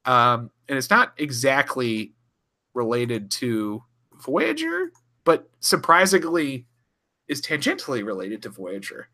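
Bright-voiced profane podcast guy. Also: medium pitch. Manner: rambling, profane, chuckling. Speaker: podcast co-host. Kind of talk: casual chat.

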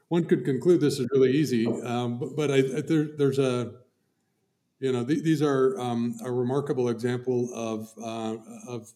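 A man interviewing a guest, asking questions in a halting way with many pauses and restarts. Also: medium pitch, mellow. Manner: halting, lots of ums and restarts.

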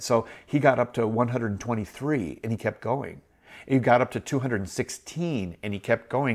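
A middle-aged man hosting a show, giving an earnest, encouraging Bible teaching and repeating phrases for emphasis. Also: medium pitch. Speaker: host.

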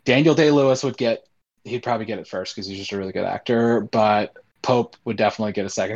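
A man's voice: on the low side, quick pace, a little mellow, highs cut off. A man in his twenties telling a long personal story in casual talk, rambling with many fillers.

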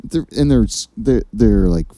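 A male podcast host with a mellow, dark voice tells loose, rambling stories and swears freely. The recording is dry and close. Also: lowish voice, expressive, normal speed, no room sound. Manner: rambling, profane storyteller. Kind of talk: casual comedy chat.

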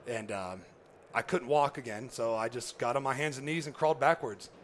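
A man, a former pro football player, telling an animated hunting story, laughing and acting out what others said. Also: mid-range voice, normal speed, slight background noise. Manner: excited, laughing, acts out quoted voices.

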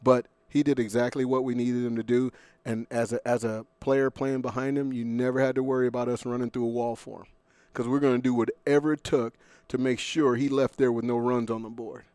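A man's voice: medium pitch, little pitch movement, fairly quick, few pauses, a little mellow, smooth, no room sound. A man, a former player, talking earnestly in a casual chat and repeating himself for emphasis.

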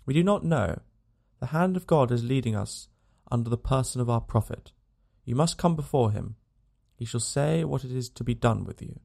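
Man reading as a devout young pilgrim, stern, formal, gravelly. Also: mid-range voice, expressive, normal speed, darkish tone. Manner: solemn, formal.

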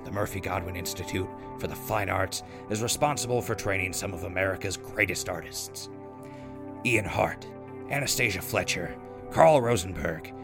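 A man's voice: low-pitched, vocal fry. A man voicing a sardonic male ghoul radio host who reads ads and adds dry, wry asides. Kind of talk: scripted radio DJ patter. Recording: radio show with music behind.

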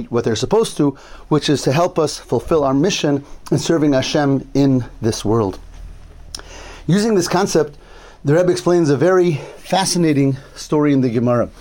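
A man's voice: on the high side, darkish tone. A man giving a Torah sermon, earnest and building his point through repeated rhetorical questions. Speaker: rabbi giving a Torah class.

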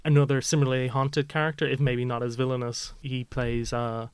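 A man co-hosting a podcast, rambling through film talk in a relaxed chat. His voice is mid-pitched and recorded very dry, close and without room sound. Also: brisk, clear, resonant tone, no room sound. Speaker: podcast co-host.

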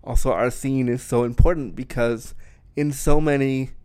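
A young man talking openly in a relaxed conversation. His voice sits in a medium pitch, and he often laughs and restarts his sentences. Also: normal speed, clean tone. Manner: frank, laughing, many restarts and "like". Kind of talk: candid conversation.

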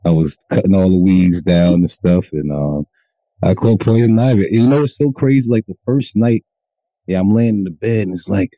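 A man co-hosting a podcast, telling stories in a profane, animated, casual way. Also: low voice, moderate pace, no room sound. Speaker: podcast co-host. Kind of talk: casual chat.

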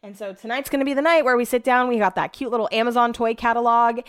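A woman's voice: fairly high pitch, quick pace, fairly bright tone, smooth, dry recording, clean studio sound. A woman hosting a casual solo podcast, venting about her day and swearing freely as she rambles, recorded in her home office. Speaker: podcast host.

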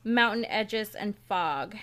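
A woman's voice: medium pitch, expressive, takes it slowly, a bit bright. A woman with a Californian accent, co-hosting a casual podcast and telling a local legend, laughing often and swearing now and then. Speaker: podcast co-host. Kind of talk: casual storytelling chat.

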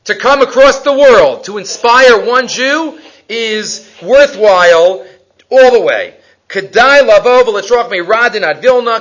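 Animated man teaching Torah, high bright voice, emphatic delivery. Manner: animated, emphatic, mixes Hebrew and English. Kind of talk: Torah class on the weekly portion.

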